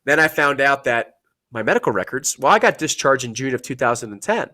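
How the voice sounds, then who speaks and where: A podcast guest with a medium-pitched, fairly quick voice tells casual, profane stories about his time in the military. He animates the tales by acting out the people he quotes.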